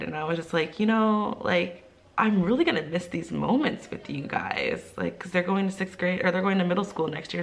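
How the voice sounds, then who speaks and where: A young woman tells a vlog story in a lower voice that swings widely up and down. She acts out quotes from her students and fills her talk with "like". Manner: animated storyteller, many "like" fillers, acts out quotes. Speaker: ESL teacher and vlogger.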